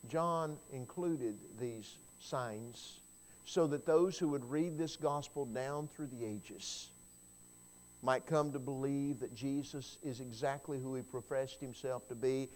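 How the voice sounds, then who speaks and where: Man preaching a lively storytelling sermon. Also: mid-range voice, slow. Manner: storytelling sermon with wide swings in loudness, rising to cries; repeats words when starting a phrase. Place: church.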